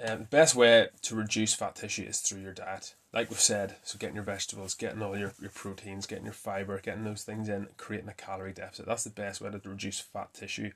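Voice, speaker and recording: Man, fairly low pitch, casual fitness chat, self-correcting. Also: little pitch movement, fairly quick, few pauses. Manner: chatty, self-correcting, laughs at himself. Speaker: fitness podcast host. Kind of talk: casual myth-busting talk.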